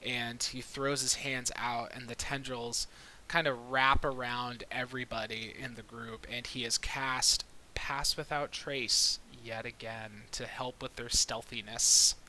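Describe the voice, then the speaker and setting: A man acting as game master, narrating a tabletop game in a relaxed, chatty way. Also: medium pitch, a little slow, slight background noise, low-quality recording.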